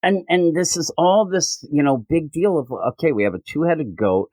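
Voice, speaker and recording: A man co-hosting a comic book podcast, retelling scenes in casual chat and slipping into quick character voices. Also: on the high side, warm tone, dry recording. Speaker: podcast co-host.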